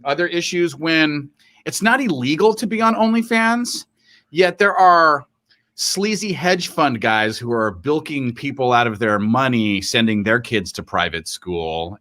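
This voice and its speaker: Animated bright-voiced man chatting. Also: mid-range voice. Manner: rambling, animated, jokey. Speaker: co-host. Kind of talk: casual live-stream chat.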